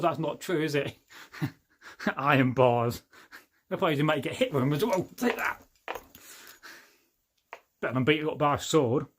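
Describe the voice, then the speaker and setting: This livestream host, a middle-aged man from England, speaks in a fairly high, somewhat bright voice. He chats casually, reading out comments from viewers with jokes, rambling tangents and plenty of laughter.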